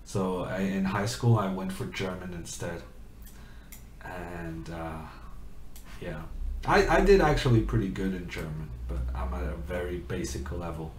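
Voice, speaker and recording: Slow-talking man in an echoey room. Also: low-pitched, a little hiss or hum. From Norway. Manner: rambling, chatty, reads chat questions aloud. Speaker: chess streamer. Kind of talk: casual commentary while playing chess.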